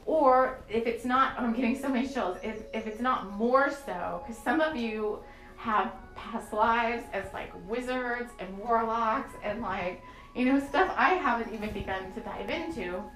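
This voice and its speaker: A woman's voice: on the high side, a little slow. Earnest woman hosting a spiritual podcast. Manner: earnest, rambling, emotional, many fillers. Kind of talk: channeled spiritual podcast talk. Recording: echoey room with soft music.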